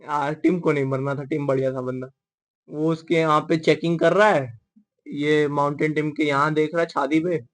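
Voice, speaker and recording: Rapid-fire man joking through a readalong. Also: on the high side, fairly even intonation. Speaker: manga readalong host. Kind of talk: casual commentary.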